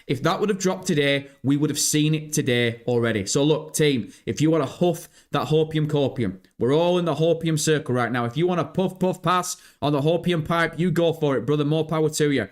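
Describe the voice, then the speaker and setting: Hyped streamer guy with slang. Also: fairly high pitch. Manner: hyped, slangy, rapid banter with chat. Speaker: livestream host. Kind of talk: casual live stream chat.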